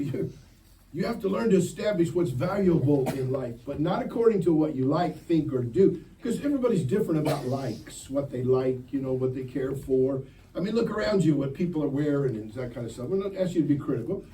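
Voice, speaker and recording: A man's voice: on the high side, mellow. Man preaching to teens from a distance. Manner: direct, joking, keeps asking the crowd questions. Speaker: camp preacher. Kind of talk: sermon to teenagers at a youth camp. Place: church camp meeting. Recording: distant mic with faint ambient noise.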